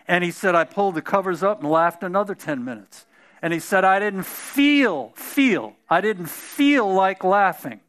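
A man's voice: high-pitched, animated, moderate pace, fairly bright tone. A man preaching a sermon in a conversational way, often restarting phrases and building to emphatic peaks.

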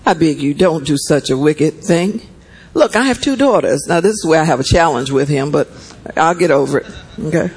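A man's voice: high voice, vocal fry, husky, poor audio. A man preaching a sermon and reading scripture aloud. He talks conversationally, often checks in with his listeners, and repeats words for emphasis.

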